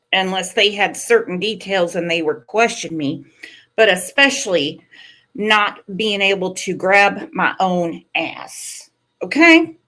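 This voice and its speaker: A woman hosting a true-crime channel, giving slow, measured commentary and lingering on sympathetic remarks. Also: mid-range voice, fairly bright tone.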